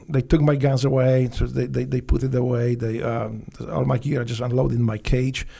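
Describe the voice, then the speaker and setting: A man with a gravelly, dark voice and a Polish accent tells his stories as a guest in an interview. He swears freely, restarts his sentences and speaks broken English. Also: mid-range voice. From Poland. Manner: blunt, profane, halting with restarts and broken English. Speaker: guest, former Navy SEAL. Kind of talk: casual storytelling interview.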